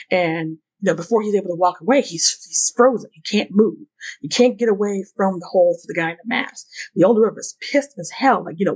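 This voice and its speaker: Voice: medium pitch, fast, breathy edge, low-quality recording. A YouTube host giving casual fan commentary, talking in a rambling way, with many fillers and the odd curse word.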